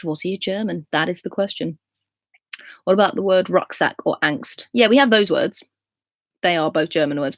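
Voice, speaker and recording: Scottish woman, twenties, fairly low voice, chatty livestream host, dry close sound. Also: no room sound. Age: 20s. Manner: chatty, laughs often, reads comments aloud. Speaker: livestream host reading viewer comments. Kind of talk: casual live chat.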